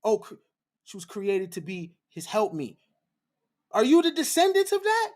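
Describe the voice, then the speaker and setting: A man's voice: high-pitched, huge pitch swings, moderate pace. A man hosting a livestream, lecturing his viewers in a fiery, preachy monologue, repeating phrases for emphasis. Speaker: livestream host.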